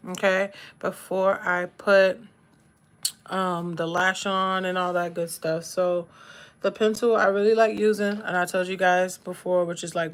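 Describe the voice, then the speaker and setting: A woman's voice: on the low side, smooth. A woman chatting casually with viewers while doing her makeup on a live stream, laid-back, playful and sarcastic.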